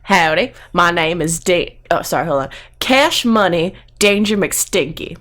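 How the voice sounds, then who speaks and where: A woman voicing a brash, chatty male cowboy adventurer with a put-on Texan drawl, talking smoothly and politely. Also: lowish voice, unhurried, a bit bright. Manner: cheerful smooth-talker, overly polite.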